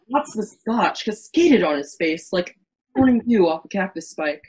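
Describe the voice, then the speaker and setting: A woman's voice: mid-range voice, sing-song, unhurried, low-quality recording. A woman reading the narration of an amateur virtual stage play in a melodramatic way, often stumbling and restarting lines.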